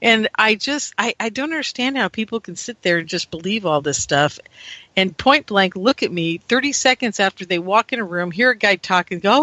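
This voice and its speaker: A woman on a talk-radio call-in show, ranting animatedly and acting out credulous listeners in a higher voice. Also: animated, moderate pace, sharp tone, dry recording. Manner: ranting, mimics gullible listeners in raised voice. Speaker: radio guest.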